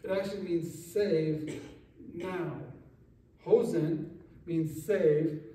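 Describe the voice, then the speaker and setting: A man's voice: a little high, very slow, dark tone. Casual-sounding man preaching in an echoey church. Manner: casual, conversational preaching with many asides. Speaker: pastor. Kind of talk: sermon. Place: church sanctuary. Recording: echoey church sanctuary, mic at a distance.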